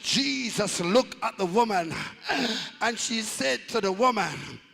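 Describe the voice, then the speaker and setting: Male Pentecostal preacher, bright and gravelly, slow and deliberate, chanting and shouting his sermon. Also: high-pitched, animated, in a large hall. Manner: shouted, sing-song preaching cadence that drops to hushed asides. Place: church sanctuary.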